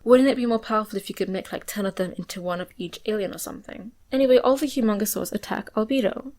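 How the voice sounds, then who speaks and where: A woman's voice: mid-range voice, fast, a little mellow, slight background noise. A woman in her twenties giving sarcastic, wry scripted recap commentary on a cartoon. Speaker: video reviewer.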